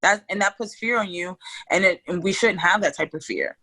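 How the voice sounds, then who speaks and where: Woman, podcast guest, bright tense voice, hyped, animated, casual swearing. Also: on the low side, brisk, poor audio.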